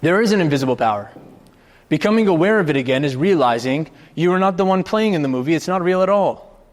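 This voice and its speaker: A man giving a live motivational talk to an audience, animated and expressive, firing off rhetorical questions with the occasional swear word. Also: fairly high pitch, quick pace. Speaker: motivational speaker. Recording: reverberant hall.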